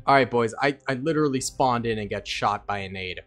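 A young man giving excitable let's-play commentary, yelping and laughing often. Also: medium pitch, a little slow, hardly any pauses, faint music behind. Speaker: gaming YouTuber.

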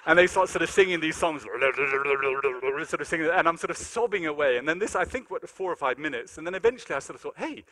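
A man giving a lecture in a large conference hall, telling animated, self-deprecating stories. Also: on the high side, fairly quick, hardly any pauses. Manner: animated, self-deprecating anecdotes, many fillers. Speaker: keynote lecturer. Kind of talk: storytelling lecture with acted-out dialogue.

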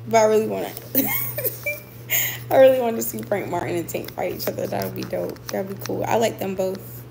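A woman's voice: mid-range voice, fairly even intonation, a little fast, creaky, dark tone, slight background noise, poor audio. A woman boxer chatting casually with her viewers, emphatic and repeating points for stress. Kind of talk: casual livestream chat with viewers.

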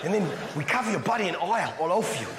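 Comedian doing a mock Dutch accent, rowdy laddish party man, high and lively, echoey club, loud crowd. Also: rapid-fire, background noise. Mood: suggestive. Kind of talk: stand-up comedy bit.

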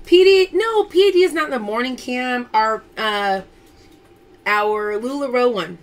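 A woman's voice: fairly high pitch, a little slow. A woman hosting a casual live-stream pearl sale from home, chatting and reading out viewer names as she calls results.

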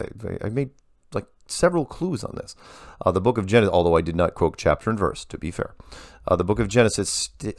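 A man with a very low, gravelly voice answers viewer emails in a loose, rambling way, often restarting his sentences. The sound is close and dry, with no room echo. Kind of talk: casual monologue.

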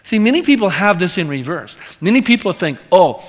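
A man preaching an expository sermon as pastor, fervent, repeating words and dropping to a hushed whisper at times. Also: high-pitched, big pitch swings, brisk, long reverb tail. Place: church sanctuary.

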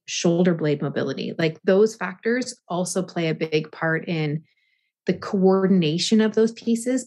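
A woman guest explaining balance and breathing in yoga, speaking slowly and deliberately with frequent restarts. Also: fairly low pitch, darkish tone. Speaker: yoga and movement teacher, guest. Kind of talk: thoughtful interview answers.

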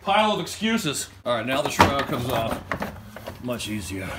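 A man hosting casual chat in a garage while working on a truck, animated and joking, laughing often. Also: mid-range voice, moderate pace, heavy background noise. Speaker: host. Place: home garage.

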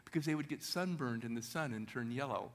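A middle-aged man, a motivational speaker, telling an energetic story to a church audience and asking them questions. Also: medium pitch, fairly quick.

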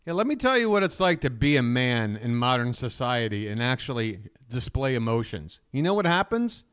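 A man's voice: medium pitch, big pitch swings, moderate pace, fairly bright tone, clean tone. A man hosting a live stream, talking in a rambling, profane, openly emotional way as he reacts casually to a clip.

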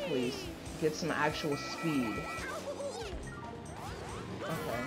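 A woman's voice: deep voice, wildly swooping pitch, very slow, music in the background. Young woman ranting over a racing game. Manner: swearing, frustrated outbursts; stammering restarts. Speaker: gaming video creator. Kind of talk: live gameplay commentary.

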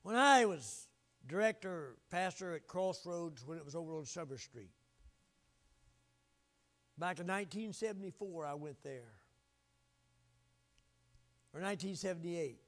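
An older man preaching a sermon with fervor, swinging between loud exhortation and hushed asides. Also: on the high side, expressive, measured pace, long pauses. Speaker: pastor.

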